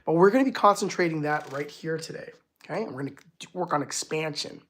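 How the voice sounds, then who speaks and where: A spiritual healer hosting a live stream in casual chat, excitable and gushing, breaking into laughs and exclamations, with many restarts and filler words. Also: medium pitch, fast.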